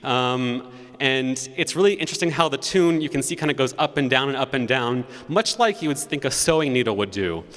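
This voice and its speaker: Organist speaking in a reverberant church. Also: male voice, mid-range voice, expressive, brisk, a bit bright. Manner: chatty, storytelling, sings note syllables to demonstrate. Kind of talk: spoken introduction to a hymn at a concert. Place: large church sanctuary.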